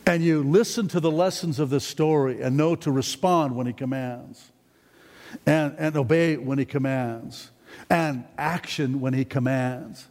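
A man preaching a sermon in a folksy, rambling way, often climbing to excited, emphatic peaks. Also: mid-range voice, unhurried. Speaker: pastor. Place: church sanctuary. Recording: long hall reverb in a church.

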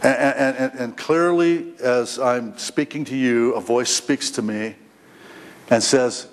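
A man's voice: mid-range voice, slow. A middle-aged man preaching a sermon as a pastor, emotional, with stammered repetitions and a voice that climbs when he speaks as the prodigal son. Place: church stage. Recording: long hall reverb, faint noise.

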